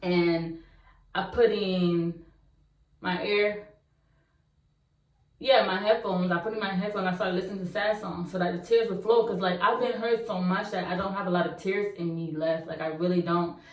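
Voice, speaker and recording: A young woman vlogger telling a personal story to her viewers in a casual, slangy, animated way. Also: fairly low pitch, moderate pace. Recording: roomy echo, mic at a distance.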